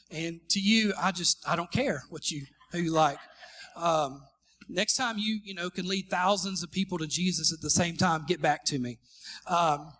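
A male pastor with an unusually high voice delivers a sermon in a church sanctuary. His tone is bright and forceful. He cracks self-deprecating jokes and calls for the congregation to shout back. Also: normal speed. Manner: joking, calls for responses from the congregation. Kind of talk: live sermon.

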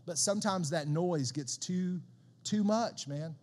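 A man with a high voice preaches in a casual, animated way, talking to the congregation like friends and stumbling over repeated words as he pushes a point. His voice rings with the long reverb of a church hall. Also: a little slow. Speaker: pastor. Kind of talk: sermon.

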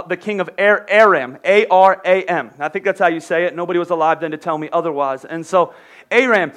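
A man preaching a casual, story-driven sermon, lively and conversational, often correcting himself mid-sentence. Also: sits high.

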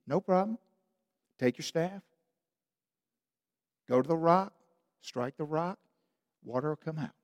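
A man's voice: fairly high pitch, takes it slowly, long pauses, big-room sound. A man voicing a stern, terse divine figure who gives short commands. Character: calm, stern male divine voice.

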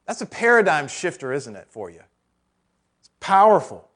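A pastor preaching a sermon in a conversational way, asking the congregation rhetorical questions and adding joking asides. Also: male voice, a little high, big pitch swings, normal speed, fairly bright tone.

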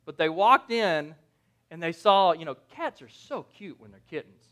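High-voiced, chatty man preaching. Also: expressive, normal speed, a bit bright. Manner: conversational, jokey, asks the audience "right?"; restarts and self-corrections. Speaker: pastor. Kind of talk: sermon.

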